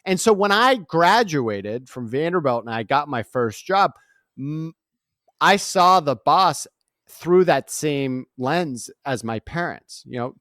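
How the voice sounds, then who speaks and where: A man's voice: fairly high pitch, takes it slowly, no room sound, studio quality. A man in his forties answering interview questions, telling stories with energy and often asking "right?". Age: 40s. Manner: energetic, animated storytelling with frequent "right?" tags. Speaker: guest author and speaker.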